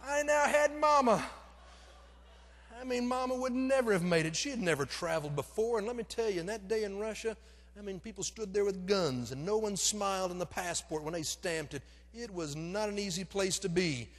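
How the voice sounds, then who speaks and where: Middle-aged pastor telling a lively story. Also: male voice, high voice, normal speed. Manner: animated, self-deprecating storytelling that acts out the scenes. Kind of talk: storytelling sermon. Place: church sanctuary. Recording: long reverb of a church sanctuary.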